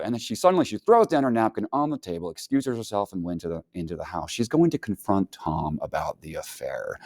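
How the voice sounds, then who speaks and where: A man teaching a casual book review lesson, animated and acting out characters' lines. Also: fairly low pitch, no room sound, clean studio sound.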